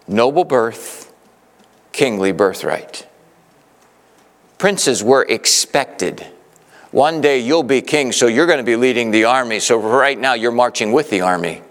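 A man preaching a sermon emphatically, swinging from urgent exhortation to gentle reassurance. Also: mid-range voice, long reverb tail. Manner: emphatic, shifting between urgent and soothing. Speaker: pastor.

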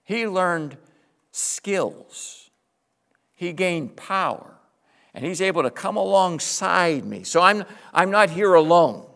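Impassioned preacher, fairly high voice. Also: male voice, lively intonation, slow, gravelly. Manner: impassioned, swings from loud exclamation to hushed tenderness. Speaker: pastor. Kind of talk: sermon.

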